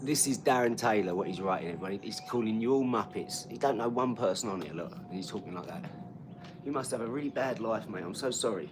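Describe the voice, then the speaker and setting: Low-voiced man teasing his chat. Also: fast talker, noisy background. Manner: teasing, bantering with a troll. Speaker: live streamer. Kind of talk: casual live-stream chat answering comments.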